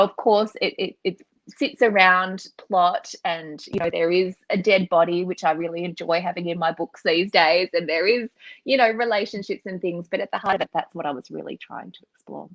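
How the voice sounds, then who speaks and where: A woman's voice: lowish voice, no echo. An Australian woman author answering interview questions in a chatty, reflective way, over slightly dull video call audio. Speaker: author, guest.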